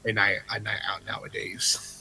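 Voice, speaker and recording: A man's voice: fairly low pitch, completely flat delivery, normal speed, creaky, sharp tone, a little hiss or hum. A young man guest on a casual podcast, laughing easily and repeating himself when he jokes. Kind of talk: casual chat.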